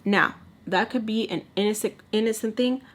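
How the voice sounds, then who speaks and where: A young woman vlogger casually telling a storytime while doing her makeup, animated and full of "like", acting out what others said. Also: medium pitch, normal speed. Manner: animated retelling, acting out quotes with lots of "like".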